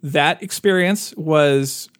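Rambling, excitable man chatting, dry sound. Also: a little high, takes it slowly, no echo. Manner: rambling, animated, many restarts and fillers. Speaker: podcast co-host. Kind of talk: casual chat.

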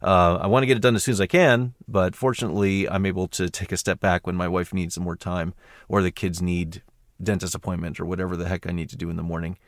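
Rambling American man with a low voice. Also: level tone, fast, no room sound, clean studio sound. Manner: rambling, lots of fillers and restarts. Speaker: audiobook narrator guest. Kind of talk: casual podcast chat.

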